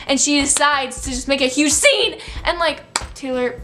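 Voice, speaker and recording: A woman's voice: high voice, moderate pace, music in the background. A young woman in her late teens telling a storytime vlog in a chatty, filler-heavy, breathless way. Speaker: vlogger.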